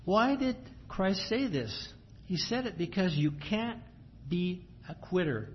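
A man preaching a sermon, reading scripture verses in a measured cadence and then explaining them in plain words. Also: sits high, big pitch swings, slight background noise. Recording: dull lo-fi sound, faint ambience.

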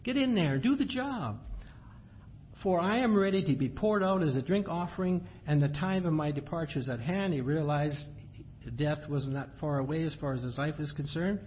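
A man with a somewhat high voice preaches a sermon. He reads scripture in a measured cadence, then explains it in plain, everyday words. The recording is dull and lo-fi, with faint ambient noise behind him.

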